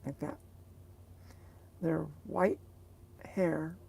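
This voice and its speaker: A woman's voice: deep voice, steady tone, extremely slow, creaky, mellow, a little hiss or hum. A woman vlogger chatting casually to her viewers, rambling and hesitant as she searches for words.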